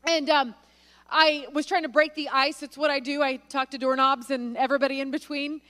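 A woman's voice: high-pitched, steady tone, fairly quick, bright, forceful tone, in a large hall. A woman speaking at a church, preaching conversationally with plenty of fillers and restarts. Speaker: guest speaker. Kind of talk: sermon with storytelling. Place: church sanctuary.

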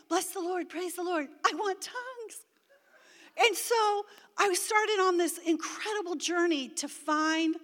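A middle-aged woman preaches to a church with a very high, bright voice. Her testimony is animated, swinging up to shouts. The sound carries long reverb from a big church hall. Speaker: pastor's wife preaching. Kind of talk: sermon.

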